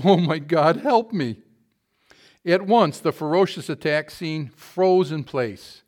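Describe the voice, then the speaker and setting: Folksy preacher man, slightly high voice. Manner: folksy and chatty, reads scripture with rising force. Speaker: pastor. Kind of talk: sermon with jokes. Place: church.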